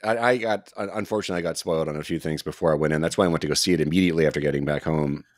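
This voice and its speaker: A man co-hosting a podcast in casual chat, talking quickly with stumbling restarts. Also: very deep voice, no echo, clean studio sound. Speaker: podcast co-host.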